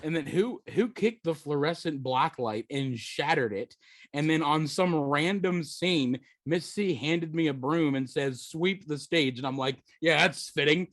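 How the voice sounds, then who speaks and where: A man's voice: fairly high pitch, unhurried, dry recording. A married man chatting casually on a podcast, recalling old times with easy chuckles. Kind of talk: casual chat, reminiscing.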